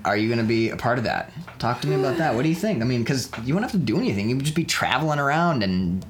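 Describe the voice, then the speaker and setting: A man's voice: medium pitch, sing-song, very fast, slight background noise. A man chatting casually about his indie film, joking around, rambling and laughing often. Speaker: indie filmmaker. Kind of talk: casual chat.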